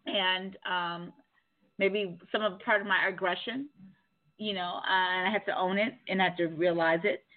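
A woman's voice: on the low side, fairly even intonation, normal speed. A woman hosting a call-in radio show, talking frankly in a rambling way with many restarts. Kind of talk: candid call-in radio chat. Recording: tinny phone line.

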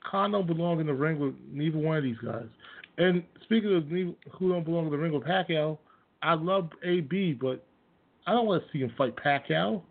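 A man's voice: fairly high pitch, brisk. A man hosting his own radio show, ranting casually and bluntly about sports with plenty of profanity and scornful laughs. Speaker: host. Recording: tinny phone-like audio.

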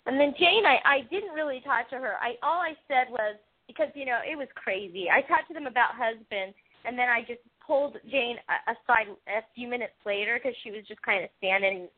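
A woman's voice: on the high side, a little fast. A woman co-hosting a casual chat about a TV show, gushing and talkative with lots of fillers. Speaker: podcast co-host. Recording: tinny phone line.

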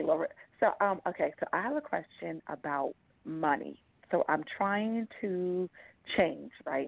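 Woman caller who keeps restarting her sentences, gravelly fry, heard over a tinny phone line. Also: low-pitched, no room sound.

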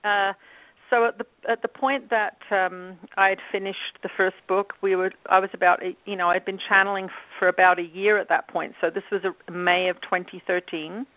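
A woman in her fifties from England, a guest telling her story in a relaxed interview with many fillers. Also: medium pitch, normal speed, dry recording. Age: 50s. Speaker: guest, channel and author. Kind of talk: casual interview talk. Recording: tinny phone line.

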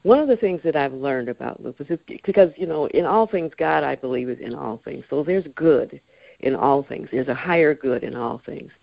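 A woman in her sixties speaking as a radio interview guest, calm, earnest and reflective. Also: low voice, normal speed, creaky, no room sound. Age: 60s. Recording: dry, dull lo-fi radio sound.

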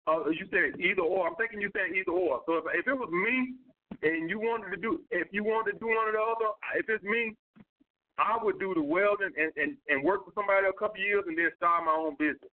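A man's voice: high voice, brisk. A man hosting a livestream, answering viewer questions in blunt, profane casual talk. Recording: tinny phone-like sound.

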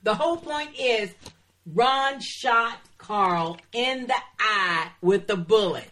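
A woman's voice: medium pitch, slow, bright, forceful tone. A woman co-hosting a podcast in casual chat, arguing her points emphatically and breaking into exclamations. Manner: emphatic, exclaims, argues back. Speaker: podcast co-host.

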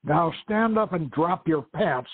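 A man's voice: sits high, lively intonation, normal speed, slightly rough, voice pushed up. A man reading aloud, voicing a menacing male terrorist leader who barks threatening orders, over a tinny phone-like radio line.

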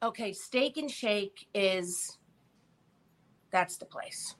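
A woman's voice: medium pitch, expressive, very slow. Bubbly woman co-host from New Jersey. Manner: bubbly, enthusiastic, laughs easily. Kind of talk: casual chat.

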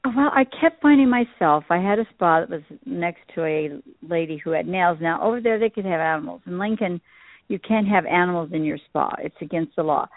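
A woman's voice: on the low side, a little fast, no echo. A woman guest on a call-in show, telling stories in an earnest, emotional way. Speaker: guest, shop owner. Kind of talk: casual interview chat. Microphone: phone call. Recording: dry tinny phone line.

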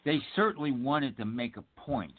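A man with a very expressive, up-and-down voice weighs in on a movie in an earnest, measured way. He pads his thoughts with ums and uhs, and his sound is thin and tinny, like a phone call. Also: medium pitch. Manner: earnest and measured, makes his points with fillers. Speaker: movie commentary co-host. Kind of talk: casual chat over a movie.

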